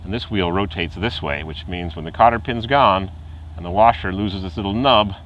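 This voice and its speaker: A man's voice: sits low, normal speed, muffled recording, slight background noise. A man casually telling a rambling car repair story outdoors at night, chuckling and imitating the noises the car makes. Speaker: car hobbyist vlogger.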